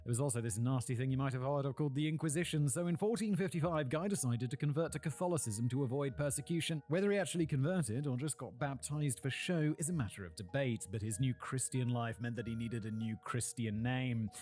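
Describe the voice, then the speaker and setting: A man's voice: mid-range voice, a little fast, few pauses, a little mellow, soft background music. A British man hosting a casual history talk, rambling into playful, jokey asides. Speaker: host.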